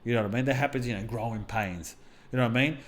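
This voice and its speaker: A man's voice: mid-range voice, racing. A middle-aged man, talking bluntly and swearing often as a podcast co-host and mindset coach, telling stories from his own life. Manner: blunt, heavy swearing, storytelling. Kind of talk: casual podcast chat.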